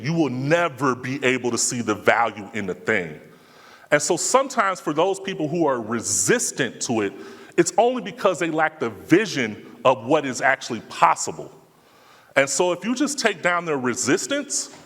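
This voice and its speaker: A man speaking at a conference fields audience questions in casual, slangy language during a live talk. His voice is a little high and a bit bright, and the hall adds a long reverb.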